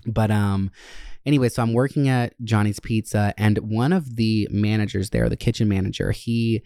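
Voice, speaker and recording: A podcast host telling stories about old jobs in a candid, profane, animated way. His voice sits somewhat low for a man. The sound is dry and close, with no room echo. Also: moderate pace, creaky, smooth. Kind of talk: casual storytelling podcast.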